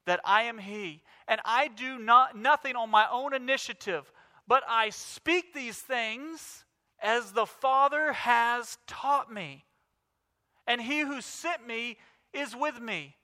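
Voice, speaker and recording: A man's voice: very high-pitched, sharp tone. A male pastor in his thirties preaching a sermon with emphatic, rising declarations. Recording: reverberant hall.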